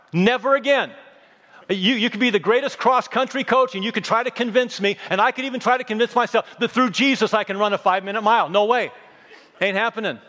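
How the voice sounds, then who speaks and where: A pastor in his fifties preaches with a high-pitched voice that rings out in a reverberant sanctuary. He drives points home with repeated phrases and wry, joking asides. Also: fairly bright tone. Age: 50s. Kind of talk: sermon.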